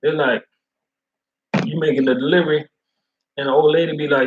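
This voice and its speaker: A man who is a food service delivery driver, chatting casually in slangy, animated talk. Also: a little high, fairly quick, lo-fi sound, a little hiss or hum. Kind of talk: casual chat.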